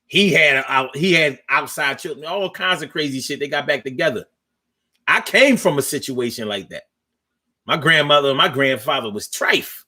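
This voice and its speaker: A man talks loosely and profanely as the host of a casual storytelling monologue. His pitch swings widely from phrase to phrase, and he trails off into searching pauses when he hunts for a word. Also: lively intonation, bright, forceful tone.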